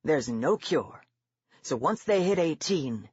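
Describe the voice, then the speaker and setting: Narrator doing a gruff, sneering army sergeant. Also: medium pitch, animated, takes it slowly, darkish tone, no room sound, highs cut off. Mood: blunt. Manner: sneering, harsh, sarcastic.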